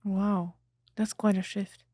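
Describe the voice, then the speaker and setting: A woman hosting an interview, asking probing questions and giving short, soft reactions. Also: medium pitch, little pitch movement, slow pace, no room sound, clean studio sound. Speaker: podcast host. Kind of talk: interview conversation.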